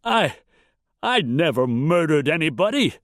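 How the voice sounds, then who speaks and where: A man's voice: very animated, a little slow, no echo. A man voicing a wounded carpetbagger who gasps and pleads in panic. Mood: panicked pleading. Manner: gasping, shrill and panicked. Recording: dry close recording.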